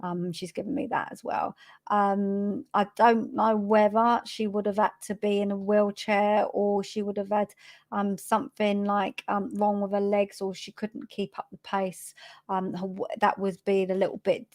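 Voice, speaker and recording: A woman giving a live psychic reading, hesitant and chatty, filling pauses with many ums. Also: mid-range voice, flat delivery, a little mellow. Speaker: spiritual medium giving readings.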